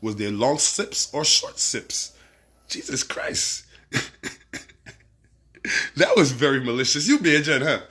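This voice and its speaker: A man with a Barbadian accent hosting a casual livestream, reading viewer comments and giving shout-outs in a laid-back, profane, laughing way. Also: mid-range voice, animated, slow, long pauses, slightly rough. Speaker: livestream host.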